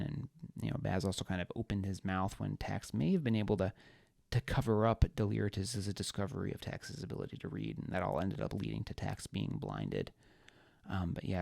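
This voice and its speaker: A man with a low, gravelly voice talks through his own fantasy novel in a loose, rambling way, full of fillers and restarts. The sound is dry and close, with no room around it. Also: a little mellow, no room sound. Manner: rambling, many fillers and self-corrections. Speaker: author and podcast host. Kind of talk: casual book discussion.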